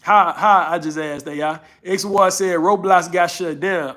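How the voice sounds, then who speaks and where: A relaxed man in his thirties with a drawling northern Louisiana and Houston accent, hosting a casual live stream. His voice sits a little high for a man, and he talks in an easygoing way, reading comments aloud and thanking viewers as he goes. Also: measured pace, few pauses. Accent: northern Louisiana and Houston Southern. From Houston, Texas. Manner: laid-back, drawling, thanks viewers often. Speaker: livestream host.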